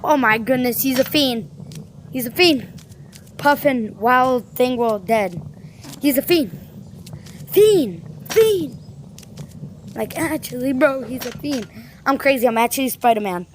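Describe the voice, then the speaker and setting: A woman's voice: sits high, fairly bright tone, a little hiss or hum, full character voice. A woman voicing a cheeky house cat who talks in slang, teasing and playful, as a comic voice-over for a pet video. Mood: boastful.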